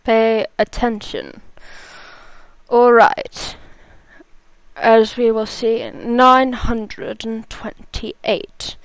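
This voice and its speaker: A woman doing an impression of a stern male teacher, speaking low and very drawn out. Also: animated, clear, resonant tone, dry recording, exaggerated voice, rough recording. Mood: stern drawl. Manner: very slow, drawn-out delivery.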